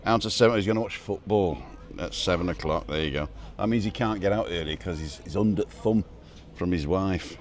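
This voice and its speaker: This middle-aged man has a deep voice and talks a little fast. Wearing a wireless mic, he hosts a casual live stream from a restaurant terrace, chatting and joking as he reads out viewers' comments.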